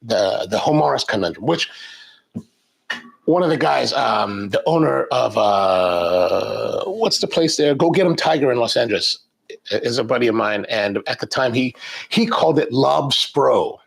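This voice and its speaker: Gravelly, lively middle-aged man. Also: medium pitch, a little slow. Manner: rambling, animated, frequent restarts. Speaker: coffee show host. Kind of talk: live-stream chat, reading viewer comments.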